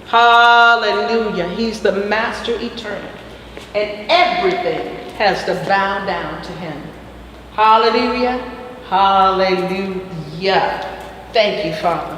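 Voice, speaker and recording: A woman's voice: mid-range voice, slow. A woman teaching a casual spiritual health class who peppers her talk with hallelujahs and fillers, speaking in an echoey room. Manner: warm and preachy, frequent hallelujahs and fillers. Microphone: far from the mic. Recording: echoey distant room with faint noise.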